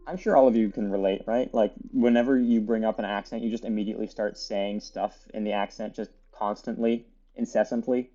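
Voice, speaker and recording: A man with a fairly low voice talks through his gameplay in a loose, chatty way, full of fillers and asides. The audio is dull and lo-fi, with faint music playing underneath. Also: steady tone, brisk, few pauses, warm tone. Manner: chatty, rambling play-by-play with many fillers. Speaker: gaming video creator. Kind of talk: casual gameplay commentary.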